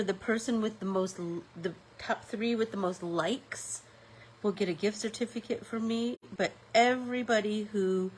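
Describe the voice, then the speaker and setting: A woman's voice: medium pitch, darkish tone, a little hiss or hum, poor audio. A woman with a stuffy nose hosting a live-stream art class, chatting casually and thinking aloud with fillers as she paints.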